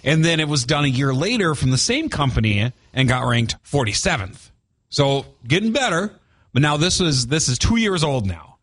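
A man's voice: fairly high pitch, very animated, moderate pace, a bit bright, no echo. A man from Minnesota with a Minnesotan accent co-hosting a morning radio show, joking and chatty as he walks through a study in a studio. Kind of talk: casual on-air banter. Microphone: studio microphone.

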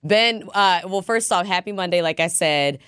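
Woman radio host, low voice, dry close sound, chatty and teasing. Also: normal speed, fairly bright tone, clean tone, no room sound. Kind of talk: casual radio talk.

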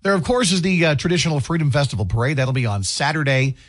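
A man with a fairly high voice talks fast as co-host of a morning radio show, joking, laughing often, and delivering animatedly as he reads promos and chats with his co-host. It's upbeat banter captured on a studio microphone.

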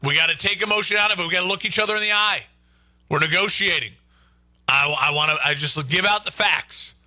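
A man's voice: high voice, fairly quick, sharp tone, dry recording. A man hosting a local sports talk radio show, arguing his points emphatically and repeating them for stress.

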